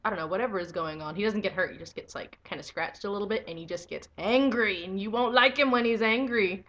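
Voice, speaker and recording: A young woman giving a casual video review of a comic book, excitable and swearing freely, breaking into enthusiastic squeals. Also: mid-range voice, fast, highs cut off.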